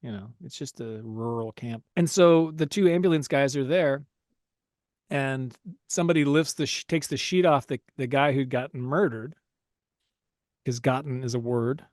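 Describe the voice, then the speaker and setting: A podcast host recaps a movie casually, telling the story energetically and laughing often. His mid-range voice is darkish and moderately paced, with clean studio sound and no room sound.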